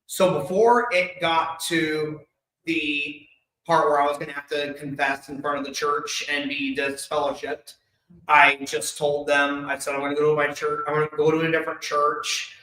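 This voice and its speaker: A man with a bright, ringing, fairly high voice tells his own story to an audience. He talks openly and emotionally, with quick bursts of humor. The sound carries the echo of a large event hall. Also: little pitch movement. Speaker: speaker sharing his life story. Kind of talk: candid personal storytelling to an audience. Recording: echoey hall.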